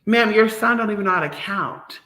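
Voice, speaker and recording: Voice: mid-range voice, a little fast, bright, forceful tone, reverberant. Sassy, profane vlogger ranting. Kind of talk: ranting commentary to camera.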